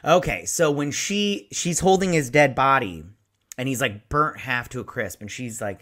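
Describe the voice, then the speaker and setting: A man in his forties hosting a casual episode review, excitable and rambling, with a lot of swearing. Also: medium pitch, normal speed. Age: 40s. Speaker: show host.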